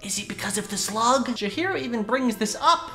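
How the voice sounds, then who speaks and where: A woman's voice: fairly high pitch, lively intonation, a little fast, bright, forceful tone, soft background music. A woman giving a comedic, sarcastic film critique as a commentator, often sounding exasperated. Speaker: YouTube commentator.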